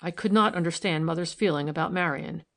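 A man's voice: fairly high pitch, brisk, a bit bright. A woman reading the lines of a troubled young man who speaks soberly and wistfully in an audiobook.

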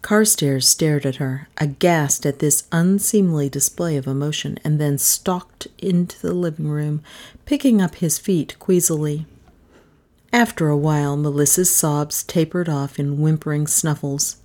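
A woman narrating a novel in an expressive, animated storybook reading. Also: deep voice, unhurried. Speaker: audiobook narrator.

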